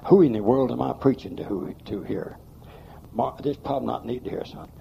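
A man's voice: medium pitch, brisk, gravelly, lo-fi sound, a little hiss or hum. A man preaching a sermon in a church, emphatic and folksy, with plain rural grammar. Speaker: pastor.

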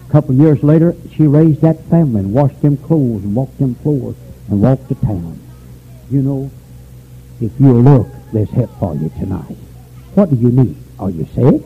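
An older man preaching a revival sermon, swinging from fervent shouts down to low, quiet pleading. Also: expressive, moderate pace, husky. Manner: fervent, rising to shouts then dropping low. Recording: tinny phone-like old recording with faint noise.

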